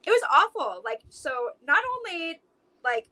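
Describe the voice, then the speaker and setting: Her voice high and sharp, the young woman is very animated yet keeps a measured pace as she shares her story as a podcast guest. She talks casually and emotionally, full of fillers and "like"s. The recording quality is poor.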